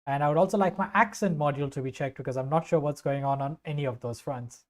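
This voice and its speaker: Deadpan scrap-robot hero, a bit high, earnest, Indian South African accent, as a man plays it. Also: quick pace, close to an everyday voice. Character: clunky male robot adventurer made of scrap.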